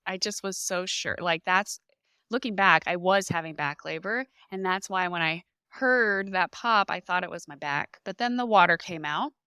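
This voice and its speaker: A woman's voice: fairly low pitch, normal speed, clean tone, dry recording. A young woman guest on a podcast, animatedly retelling a personal experience and acting out what people said. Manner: animated, emotional retelling with lively reenacted quotes. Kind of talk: personal storytelling in a podcast interview.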